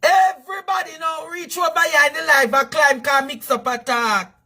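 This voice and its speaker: A Jamaican man hosting news commentary, shouting and repeating phrases for emphasis in a fiery rant. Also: very high-pitched, steady tone, moderate pace.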